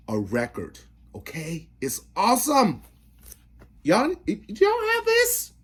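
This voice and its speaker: An excitable man hosts a casual record show-and-tell, chatting straight to his viewers. His voice leaps around with lively ups and downs, yet he takes his time over every sentence. He is the kind of talker who slips into falsetto when a song grabs him. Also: husky. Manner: excitable, breaks into falsetto singing; chatty, addresses viewers directly. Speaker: record collector host.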